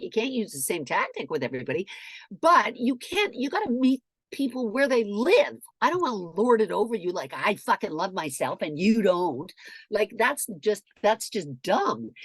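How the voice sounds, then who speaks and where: A middle-aged woman in casual storytelling chat, animated and profane, acting out shouted quotes. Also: fairly high pitch, normal speed, slightly rough, no room sound, clean studio sound.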